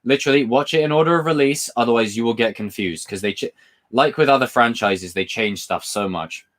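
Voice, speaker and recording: A man's voice: medium pitch, brisk, fairly bright tone. A man hosting a casual live stream. He reads viewer questions aloud, answers them, swears casually and laughs a lot while telling stories.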